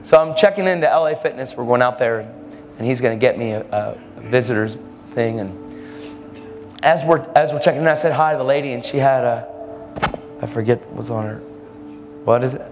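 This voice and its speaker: Animated man preaching in a reverberant hall. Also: a little fast, long pauses. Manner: animated, acts out quoted people with jumps in pitch. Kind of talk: storytelling sermon. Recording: long hall reverb, faint music.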